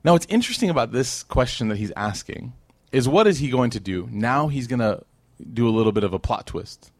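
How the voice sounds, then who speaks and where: Animated male lecturer, dry sound. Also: medium pitch, a little fast, dry recording. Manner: animated, with rhetorical questions to the crowd; acts out quoted people. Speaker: religious teacher. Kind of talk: storytelling lecture to a live audience.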